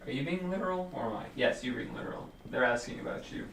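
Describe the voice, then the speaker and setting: A man co-hosting a painting livestream, trading quick, teasing banter in casual chat. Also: medium pitch, lively intonation, gravelly. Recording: roomy, distant mic, noisy ambience.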